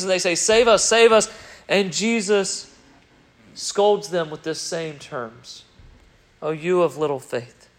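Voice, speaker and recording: High-voiced man preaching with animated swings. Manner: animated, swinging between loud emphasis and quiet reflection. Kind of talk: sermon.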